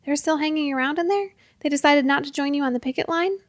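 A woman's voice: high voice, fast, dry recording, studio quality, natural voice. A woman voicing a tired, earnest young man who runs a hotel. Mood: uneasy. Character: weary young male hotel manager.

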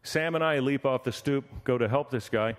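A man preaching with lively storytelling, now and then acting out the voices of people in his story. His pitch sits in a middle range, and the sound carries the long reverb of a church hall. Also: moderate pace. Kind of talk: sermon with storytelling.

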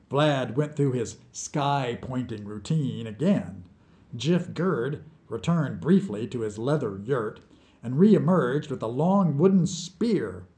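A man reads his own short story aloud as scripted narration, telling it slowly and deliberately. His voice is mid-range and mellow.

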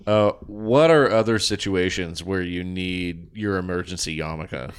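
A man's voice: low voice, measured pace, smooth. A man in casual chat, dropping dry joking asides.

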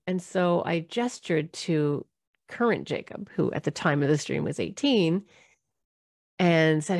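A middle-aged mother speaks in a low, unhurried voice as she tells a personal story. She is reflective and brings in her family's lines in their own voices. Her tone stays conversational. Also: animated, vocal fry. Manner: warm, reflective, acts out quoted voices. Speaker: parenting speaker.

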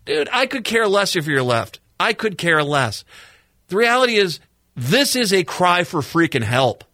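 A man's voice: high-pitched, sing-song, a little slow, pushed and bright, dry recording. A middle-aged male radio talk show host giving a sarcastic, exasperated political commentary monologue into a studio microphone.

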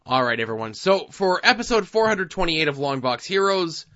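A man's voice: fairly high pitch, big pitch swings, moderate pace, sharp tone. A man hosting a podcast in casual chat, rambling with fillers. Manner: rambling, many fillers, wraps up the show. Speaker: podcast host. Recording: dull lo-fi sound.

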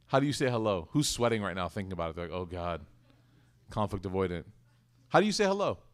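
A man giving an animated, conversational sermon, often putting questions to his audience. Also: medium pitch. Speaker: Islamic teacher.

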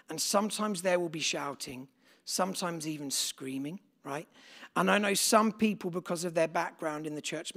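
A pastor preaching a sermon to a church crowd, chatty and direct as he asks them questions. His voice is gravelly with plenty of fry, and it sits a bit above the usual male pitch. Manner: conversational, asks the congregation questions. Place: church gathering with live congregation.

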